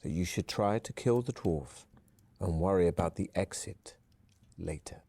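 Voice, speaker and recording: A man narrating a fantasy adventure game in the second person, calm and even. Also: deep voice, unhurried, vocal fry, no echo.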